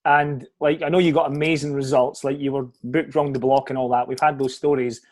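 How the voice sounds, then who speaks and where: A man's voice: medium pitch, flat delivery. Chatty male podcast host. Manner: chatty, jokey, quick to interject. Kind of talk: casual podcast interview.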